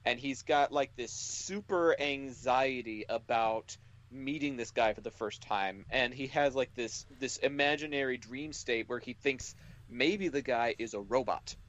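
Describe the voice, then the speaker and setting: A man's voice: medium pitch, measured pace, fairly bright tone, highs cut off. A man co-hosting a podcast, telling rambling, jokey stories in casual chat. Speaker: podcast co-host.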